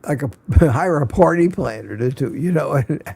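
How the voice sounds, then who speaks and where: Older man, tired, halting casual chat, stream host, slightly raised pitch. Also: lively intonation, vocal fry, a little mellow, slightly rough. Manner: halting, many restarts and fillers.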